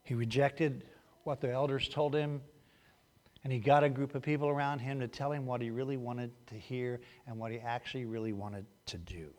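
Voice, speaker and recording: A man preaching a sermon in a church, acting out quotes loudly and then dropping to quiet asides. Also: medium pitch, normal speed. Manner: animated, acts out quotes loudly, then drops to a hushed aside. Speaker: pastor.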